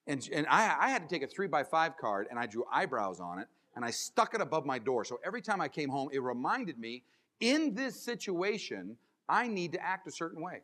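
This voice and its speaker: A man giving a keynote as a motivational speaker, animated and acting out little scenes and voices. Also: fairly high pitch, fairly quick, in a large hall. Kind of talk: keynote speech. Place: large conference hall.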